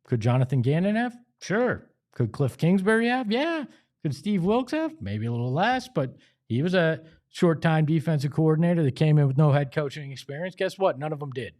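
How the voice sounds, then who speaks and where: A man's voice: on the high side, big pitch swings, moderate pace, a little mellow. A man hosting a sports talk show, delivering an emphatic, opinionated monologue with pleading asides. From Italian-American family.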